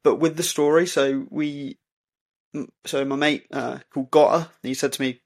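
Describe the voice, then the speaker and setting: Gravelly man telling a story. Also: medium pitch, fairly even intonation. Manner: halting, many "um"s and restarts. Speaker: podcast co-host. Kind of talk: casual storytelling. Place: indoor recording for podcast.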